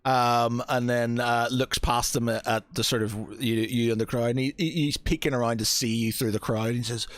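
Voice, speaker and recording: A man's voice: mid-range voice, steady tone, normal speed, hardly any pauses, dry recording. Hesitant man as game master. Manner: hesitant, many fillers and restarts. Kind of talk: narrating a tabletop game.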